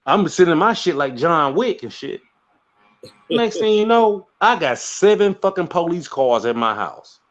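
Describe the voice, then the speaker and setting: A man's voice: high voice, unhurried. A middle-aged man from St. Louis telling a story as a caller. He talks casually, swears often and acts out the quotes. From St. Louis, USA. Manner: animated, profane, acts out quotes. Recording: lo-fi dull audio.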